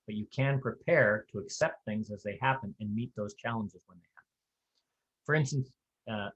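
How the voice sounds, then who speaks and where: Give me a man teaching square dance calling in a relaxed, folksy, practical way, with a medium pitch. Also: dull audio. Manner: conversational, folksy and practical, with offhand humor. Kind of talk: instructional talk.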